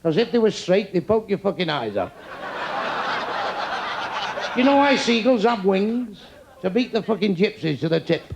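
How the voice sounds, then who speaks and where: An older comedian works the crowd with crude insults and quick one-liners. His voice is gravelly and sits high for a man. The live club recording carries a lot of room noise. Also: big pitch swings, muffled recording. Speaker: stand-up comedian. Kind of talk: stand-up crowd work. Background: audience laughter.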